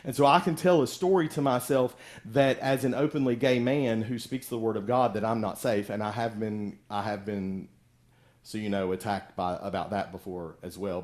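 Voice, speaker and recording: A man's voice: fairly low pitch, a little mellow. Man, pastor, middle-aged, conversational sermon, acts out story voices. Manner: conversational preaching, acting out voices of people in the story.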